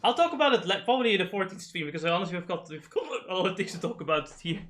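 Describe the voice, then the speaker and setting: A man's voice: sits high, very fast, soft background music. A young man streaming a game live, rambling and swearing while he has the hiccups. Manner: rambling, profane, excitable. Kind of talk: live gaming stream chat.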